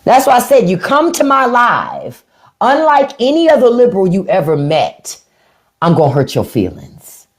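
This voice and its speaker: A woman's voice: mid-range voice, huge pitch swings, normal speed. Blunt, taunting middle-aged woman. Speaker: livestream host. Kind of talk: casual livestream talk.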